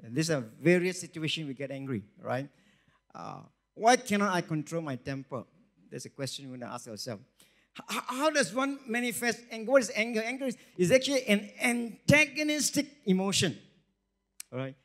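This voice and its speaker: Middle-aged male pastor, higher-pitched voice; emphatic sermon delivery with lots of repetition. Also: big pitch swings, fairly quick. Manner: emphatic, repeats phrases, swings between loud and soft.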